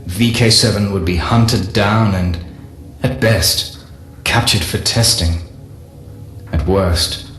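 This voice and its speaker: A man reading a first-person diary as scripted narration, measured, solemn and deliberate. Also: lowish voice, a bit bright. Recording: echoey room with faint music.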